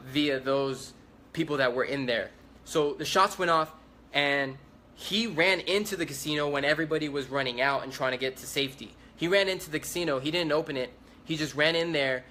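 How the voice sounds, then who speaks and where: Over a phone livestream with a little hiss or hum, a young adult man urgently recounts an eyewitness story, rambling and repeating. His voice sits on the high side, bright and forceful.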